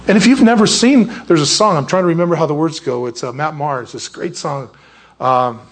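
A man's voice: a little high, breathy edge. A male pastor giving a sermon in a rambling, conversational way, often losing his train of thought.

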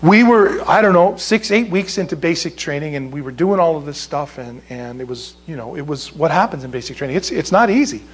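Animated high-voiced older man preaching. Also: fairly quick, hardly any pauses, husky. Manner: animated, emphatic, rises sharply when stressing a point. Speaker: pastor. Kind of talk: sermon storytelling.

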